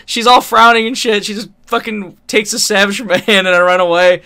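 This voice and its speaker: A man's voice: sits high, steady tone, a little fast, pushed and bright. A man co-hosting a podcast, telling a rambling story in casual chat, laughing often and swearing freely. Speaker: podcast co-host.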